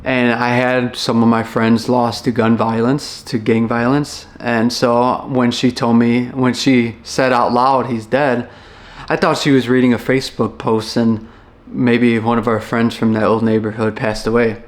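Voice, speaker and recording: In a flat, mid-pitched voice, a young former Chicago firefighter recounts something he lived through. He's earnest and unpolished, reflecting haltingly with frequent restarts, pauses, and fillers.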